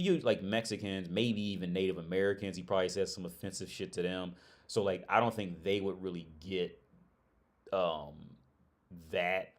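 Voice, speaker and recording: A man hosting a casual livestream chat, rambling and restarting his phrases as he talks to viewers. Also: lowish voice. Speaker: livestream host. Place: living abroad in Prague.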